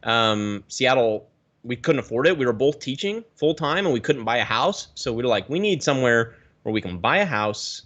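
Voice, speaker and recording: A man from the Pacific Northwest, a guest telling his story in a rambling, animated way with many restarts, on a video call. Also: mid-range voice, normal speed, muffled recording. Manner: animated, rambling, self-correcting. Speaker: guest, aquarium YouTuber.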